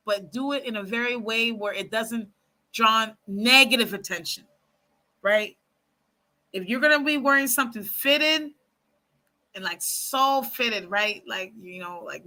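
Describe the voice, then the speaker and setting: A woman talking casually to her viewers, giving frank dating advice and telling stories with lots of asides. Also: on the high side. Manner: chatty, frank, animated storytelling with many asides; speaks to viewers as y'all and ladies. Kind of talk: casual advice chat to camera.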